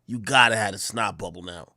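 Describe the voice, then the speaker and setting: A man's voice: on the low side, brisk, dry recording, studio quality. A man hosting a live stream, making sarcastic, mocking commentary on clips he plays. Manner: sarcastic, mocking, animated reactions. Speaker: streamer host.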